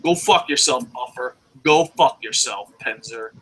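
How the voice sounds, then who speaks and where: A young man hosting a wrestling review, ranting casually with lots of swearing and bursts of shouting. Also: medium pitch, measured pace, slight background noise, low-quality recording. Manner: profane, ranting, shouts at times.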